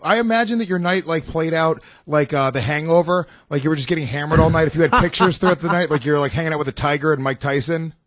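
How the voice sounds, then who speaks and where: A man's voice: on the high side, quick pace, hardly any pauses, fairly bright tone, no room sound, studio quality. A man co-hosting a podcast in casual chat, eager, teasing and profane. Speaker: podcast co-host.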